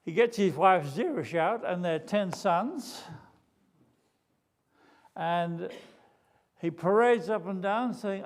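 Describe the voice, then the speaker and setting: A man with an Australian accent preaching a sermon, retelling a story with animated swings between loud and hushed. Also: high-pitched, unhurried.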